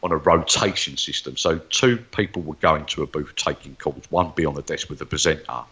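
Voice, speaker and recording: A rumbling low male voice, a little fast and sharp-toned, comes through with the highs cut off. He's a guest psychic medium in a storytelling interview chat, animatedly voicing the people he quotes.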